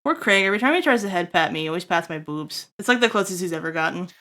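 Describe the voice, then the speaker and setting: A woman co-streaming in casual chat, teasing and reacting quickly. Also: fairly low pitch, animated, pushed and bright. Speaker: streamer co-host.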